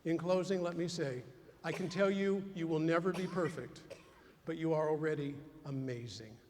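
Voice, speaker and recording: Amid noisy background in a large hall, a man whose voice is on the high side speaks at a moderate pace. He's a keynote speaker giving a humorous motivational address to a big conference crowd, telling animated stories and acting out their dialogue.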